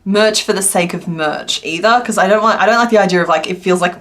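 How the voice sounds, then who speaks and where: A woman's voice: medium pitch, fast talker. A woman chatting casually on a crochet livestream, rambling and laughing often. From Australia. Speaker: crochet streamer.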